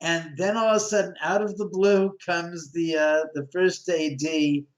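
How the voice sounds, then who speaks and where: A man talking as a guest on a show, telling a lively story and acting out the dialogue. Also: a little high, measured pace. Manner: lively, acts out quoted dialogue, chuckles often. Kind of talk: animated anecdote telling. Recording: roomy echo.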